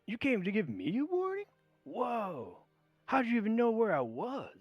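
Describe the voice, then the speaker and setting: A man voicing a huge, friendly male bronze dragon who talks in a booming, excited way in a tabletop game. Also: moderate pace, husky, dry recording, dull audio, soft background music, exaggerated voice.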